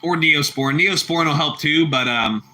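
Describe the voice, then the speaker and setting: A man's voice: fairly high pitch, normal speed, bright, forceful tone. A man hosting a casual livestream and chatting with viewers. He laughs easily, repeats himself, and calls people bro and bucko. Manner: laughs a lot. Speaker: livestream host reading chat.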